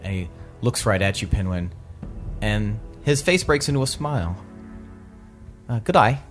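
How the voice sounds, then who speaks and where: A man narrating as the game master with a relaxed, hesitant delivery. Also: fairly low pitch, moderate pace, soft background music. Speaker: dungeon master.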